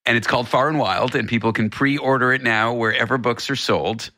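A man's voice: medium pitch, fairly even intonation, bright, forceful tone. A man hosting a radio talk show, interviewing a guest with playful asides. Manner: joking, quick asides.

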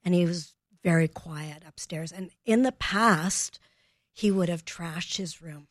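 A woman's voice: fairly low pitch, unhurried, no echo, studio quality. A woman, a parenting expert, telling stories on a radio talk show and acting out both sides of each conversation. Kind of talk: storytelling in a radio interview.

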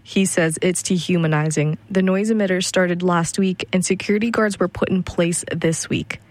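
A woman reports a news story in an even, measured way. Her voice sits fairly low, and the recording is dry and close. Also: no echo.

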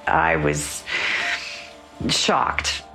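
Slow, gravelly middle-aged woman. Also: low voice, level tone, sharp tone, soft background music. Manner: halting, shaken speech. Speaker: relative interviewed. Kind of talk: documentary interview.

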